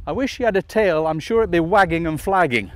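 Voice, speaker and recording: A man training a dog outdoors, explaining each step and calling the dog with calm, coaxing commands. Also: fairly high pitch, brisk. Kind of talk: instructional demonstration. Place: outdoors in a field.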